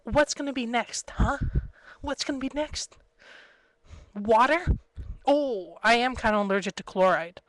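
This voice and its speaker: A woman's voice: a little high, a little slow, dry recording, rough recording. A young woman vlogging casually to her webcam at home, chatty and giggly, jumping from story to story. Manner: chatty, giggly, jumps between stories. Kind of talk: rambling casual webcam vlog. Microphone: built-in webcam mic.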